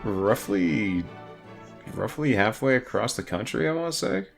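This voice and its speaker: A man's voice: lowish voice, very animated, unhurried, creaky, soft background music. A man co-hosting a casual gaming podcast, rambling and laughing, swearing freely. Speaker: podcast co-host.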